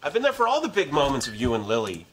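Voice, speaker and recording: A man's voice: medium pitch, wildly swooping pitch, quick pace, a bit bright, faint music behind. An actor playing an earnest, loyal young male friend in a sitcom.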